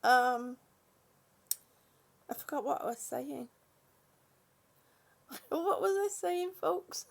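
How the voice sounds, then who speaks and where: A woman with a high, gravelly voice hosts a casual livestream from her home. She greets her viewers one by one, yawns now and then and laughs easily as she loses her place in what she was saying. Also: expressive, extremely slow, pauses often. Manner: chatty, warm greetings, yawning, laughing, losing her train of thought. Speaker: livestream host. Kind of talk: casual live chat with viewers.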